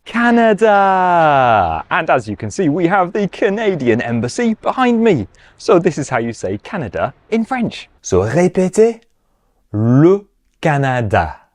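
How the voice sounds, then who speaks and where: A man's voice: high-pitched, big pitch swings, moderate pace. A man teaching children French in a playful way, drilling words for them to repeat. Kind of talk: children's language lesson.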